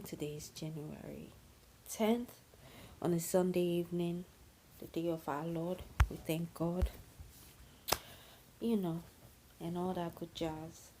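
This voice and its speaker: A woman in a casual astrology vlog speaks slowly, stumbling over fillers and restarts. Her voice is low and mellow, with faint hiss in the background. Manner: rambling, many fillers and restarts. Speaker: astrology vlogger. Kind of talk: casual talk to camera.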